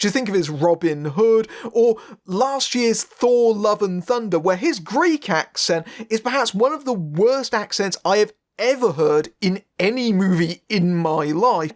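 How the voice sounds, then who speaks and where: A man narrating a scripted film review in a sardonic, wry way. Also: high voice.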